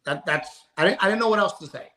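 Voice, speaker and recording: A man's voice: high voice, fast, sharp tone, low-quality recording. A man, a comedian guest, telling family stories in casual podcast chat and acting out the dialogue.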